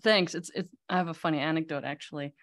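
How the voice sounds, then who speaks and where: A woman talks as a podcast guest, her voice sitting low in pitch. She tells stories in an animated way, with lots of back-and-forth chat. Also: fast talker. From Netherlands. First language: Dutch. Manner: animated storyteller, lively anecdotes. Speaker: magazine CEO, podcast guest. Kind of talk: casual interview chat.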